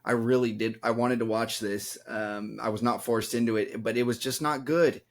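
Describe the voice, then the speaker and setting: A man's voice: medium pitch, steady tone, normal speed. Sheepish man in casual podcast chat. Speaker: podcast co-host.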